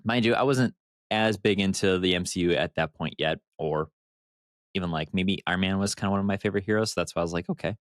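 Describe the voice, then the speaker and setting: A man's voice: sits low, quick pace, dry recording, studio quality. A man co-hosting a podcast in casual chat, telling long rambling stories with the odd swear word. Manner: rambling, animated storytelling with swearing. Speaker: podcast co-host.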